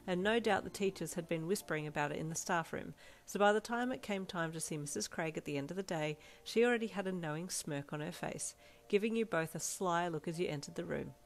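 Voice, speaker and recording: A woman's voice: on the low side, fairly quick. A woman narrating a fan fiction story aloud in a plain storytelling manner. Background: faint backing music.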